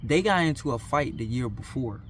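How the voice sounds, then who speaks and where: A man's voice: mid-range voice, animated, moderate pace, a little hiss or hum. A young man telling a school story in a casual, slangy, self-mocking way. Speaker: vlogger.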